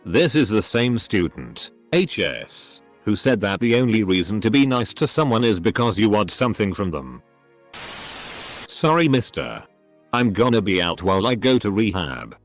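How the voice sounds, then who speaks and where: A man with a low voice reads posts aloud in steady, scripted narration. His pitch moves a lot, which gives the reading a lively lilt. Soft music plays faintly underneath. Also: normal speed.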